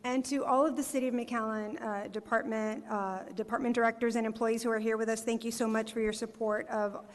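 A woman's voice: fairly high pitch, level tone, brisk. A woman from giving a formal welcome speech as a city communications director, upbeat and reading out names with small fillers. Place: performing arts center hall. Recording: long hall reverb.

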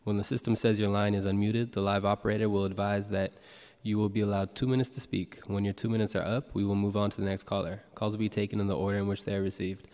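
A man serving as a meeting clerk, reading the roll and announcements in a brisk, formal way, in a large chamber. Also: lowish voice, level tone, a little mellow, clean tone. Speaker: board clerk. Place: legislative chamber in city hall. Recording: long reverb of a large chamber.

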